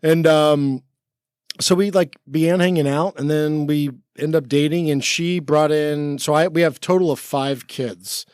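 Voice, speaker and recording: A man's voice: on the high side, fairly even intonation, unhurried, darkish tone, smooth, no echo. A man in his forties, a podcast guest in the studio, telling personal stories in a rambling casual way, full of restarts and "like" fillers. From United States. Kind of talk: casual storytelling chat. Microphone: studio mic.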